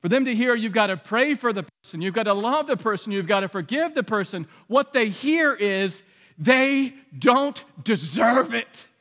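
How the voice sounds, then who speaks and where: A man's voice: sits high, animated, a little fast, hardly any pauses, fairly bright tone, long reverb tail. A man preaching a sermon in a conversational way, acting out the voices he quotes. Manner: conversational, acts out quoted voices, many restarts.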